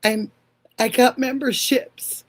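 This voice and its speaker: An older woman hosting a live stream, warmly greeting viewers by name and calling them honey and sweetheart. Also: on the high side, steady tone, takes it slowly, husky. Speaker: livestream host.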